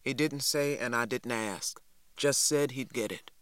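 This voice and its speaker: A man voicing a stern, weary farmer father who speaks low, quiet and clipped. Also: measured pace, clear, resonant tone, no echo, lightly acted. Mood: grim.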